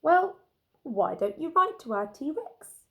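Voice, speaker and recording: A woman's voice: sits high, big pitch swings, slow, pitched above the performer's own voice, exaggerated voice. Woman voicing a cheery museum curator. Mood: friendly. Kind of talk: children's story reading.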